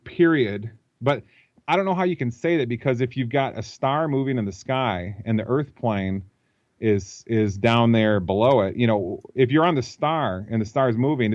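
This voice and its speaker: A man's voice: medium pitch, darkish tone, dry recording, highs cut off. A man as an interview guest, thinking aloud and explaining at length over a computer call. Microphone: computer mic.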